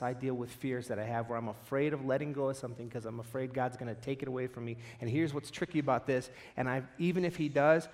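A man pastor preaching a sermon, telling stories and acting out the voices in them. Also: medium pitch. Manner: animated storytelling, acts out quoted voices.

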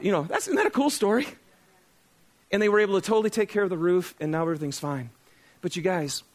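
A middle-aged man preaching a sermon in a casual, conversational way, asking the congregation questions and joking at his own expense. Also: sits high. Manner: conversational, self-deprecating, asks the congregation questions. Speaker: pastor.

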